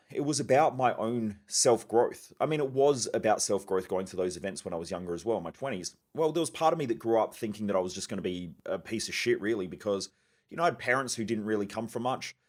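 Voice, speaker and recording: A man, candidly telling his life story as a podcast guest, swearing freely. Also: on the low side. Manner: candid, profane, fast-talking. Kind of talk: personal storytelling.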